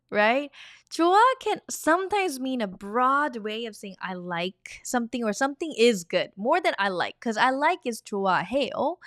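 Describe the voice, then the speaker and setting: A woman's voice: fairly high pitch, a bit bright, no echo, studio quality. A woman teaching a language shadowing lesson, modeling phrases with exaggerated intonation.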